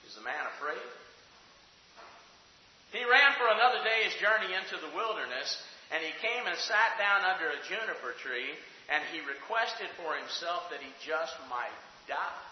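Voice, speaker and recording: A high-pitched man delivers a dramatic sermon, building to near shouts and then dropping to hushed, almost whispered lines. His voice rings through a large, very echoey hall with a long reverb tail. The recording sounds muffled and dull. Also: lively intonation, normal speed. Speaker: preacher.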